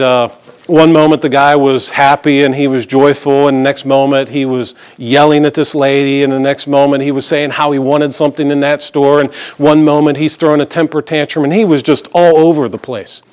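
A man's voice: a little high, smooth. A middle-aged male pastor preaching a conversational sermon, mixing scripture reading with personal stories and light humor.

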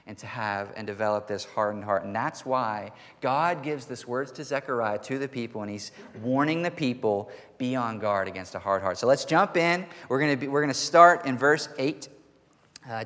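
A man preaching a sermon as pastor, earnest and emphatic, slowing down to stress key words. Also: medium pitch, fairly bright tone. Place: church hall. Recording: long reverb of a church hall.

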